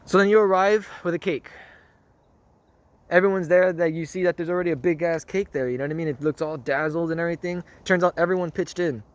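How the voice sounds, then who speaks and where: A man with a fairly high pitch and fairly even intonation speaks quickly as a spiritual vlogger, offering a reflective monologue. He rambles earnestly, often repeating himself and coming back to a single phrase, asking "you know what I mean?" along the way.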